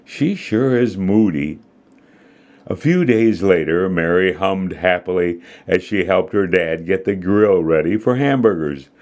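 A man hosting and narrating a scripted children's devotional story in a gentle, measured way. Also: low voice. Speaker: host and narrator.

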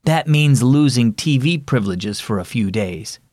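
A man voicing a mother who gently scolds her son in a children's story reading. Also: medium pitch, lively intonation, moderate pace, dry recording, studio quality, lightly acted. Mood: firm. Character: firm but loving mother.

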